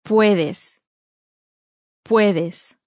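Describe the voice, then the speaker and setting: A woman modeling single words for learners to repeat, slowly and deliberately. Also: mid-range voice, a little mellow, dry recording, clean studio sound. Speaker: course speaker modeling pronunciation.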